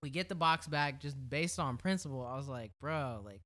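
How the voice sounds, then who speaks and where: A young man telling a story in casual chat, animated and slangy, swearing freely and laughing as he goes. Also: on the high side, moderate pace.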